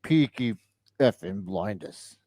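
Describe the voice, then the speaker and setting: A man's voice: lowish voice, expressive, takes it slowly, mellow, dry recording, clean studio sound. A man co-hosting a casual talk show, teasing and laughing along with the others. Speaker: co-host. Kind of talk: casual chat.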